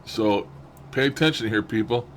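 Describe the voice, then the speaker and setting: A man's voice: fairly low pitch, moderate pace, a bit bright, slight background noise. A man hosting a session, casually commenting and musing as he plays back recordings, chuckling to himself. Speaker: host reviewing spirit-box recordings. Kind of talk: casual commentary over playback.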